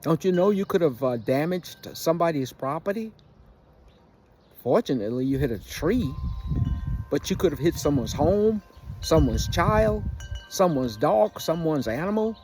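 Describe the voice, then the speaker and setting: A man voicing a stern older sheriff grandfather who lectures slowly and commandingly. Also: fairly high pitch, expressive, a little mellow, a little hiss or hum.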